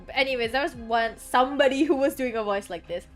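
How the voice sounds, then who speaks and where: A woman's voice: high-pitched, fast, few pauses, soft background music. A woman streamer giving casual, joking gameplay commentary, chatty and sometimes swearing.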